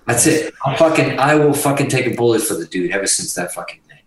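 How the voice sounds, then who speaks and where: A man from Massachusetts telling profane, animated stories as a guest on an interview show. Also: mid-range voice, moderate pace, pauses often, echoey room, distant mic, low-quality recording. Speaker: guest guitarist. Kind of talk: casual storytelling interview.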